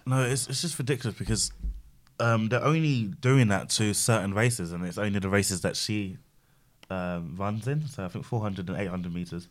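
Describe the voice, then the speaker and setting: A low-voiced man talks over his friends in a casual podcast chat. He argues his views with animated conviction. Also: normal speed. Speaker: podcast co-host.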